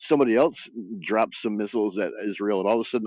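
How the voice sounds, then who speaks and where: A man's voice: fairly low pitch, rapid-fire, hardly any pauses, dry recording, highs cut off. A man hosting a casual chat, telling stories with mocking impressions and frequent laughter. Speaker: stream host.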